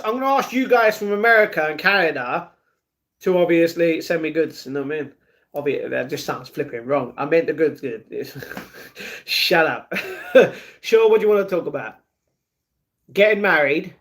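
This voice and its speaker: This young British man has a fairly high, slightly bright voice. He chats casually on a live stream, reading chat messages, answering viewers by name and laughing often.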